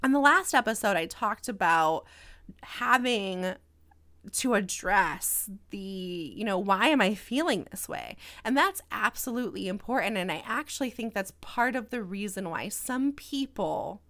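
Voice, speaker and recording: A young woman from the Midwest talks through her solo podcast at an unhurried pace. She keeps it casual and reflective, tossing in "you know" and "right?" as she goes. Her voice sits in an ordinary middle range. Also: medium pitch, animated, bright, forceful tone. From American Midwest. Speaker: podcast host.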